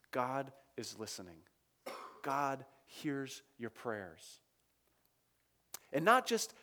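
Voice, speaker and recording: Man, preacher, sermon, conversational, animated intonation, reads scripture aloud. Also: fairly high pitch. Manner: conversational, checks in with listeners.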